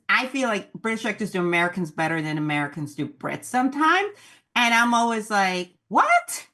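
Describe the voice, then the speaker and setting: A woman's voice: mid-range voice, pushed and bright. A woman interviewing film cast members in a chatty, bubbly press-junket style, laughing often.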